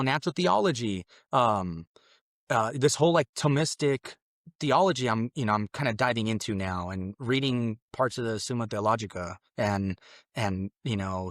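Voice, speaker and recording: In a dry, studio-quality recording, a Mexican man appears as a podcast guest recounting his conversion in conversation. His testimony rambles earnestly, full of restarts, and he acts out his own past exclamations in a louder, higher voice.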